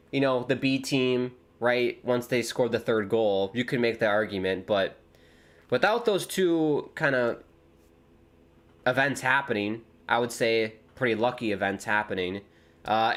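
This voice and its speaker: On a live football watchalong stream, a man with a mid-range voice chats casually, rambling in between excited reactions to the match.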